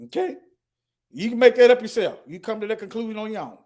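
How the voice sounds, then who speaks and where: A man with a high, darkish voice talks fast as he teaches the Bible to an online audience. His emphatic preaching style mixes scripture read aloud with direct address to listeners.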